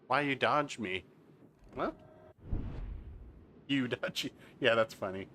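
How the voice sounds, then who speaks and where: A man's voice: medium pitch, takes it slowly, bright, forceful tone, a little hiss or hum. A man streaming a naval game live, chatting casually as he explains mechanics and reads out chat messages.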